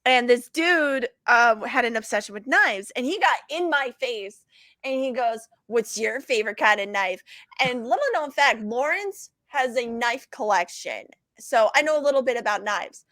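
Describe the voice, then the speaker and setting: A woman, a podcast guest, telling stories in a casual, animated way, swearing freely and laughing between lines. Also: a little high, normal speed, dry recording. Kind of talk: casual storytelling.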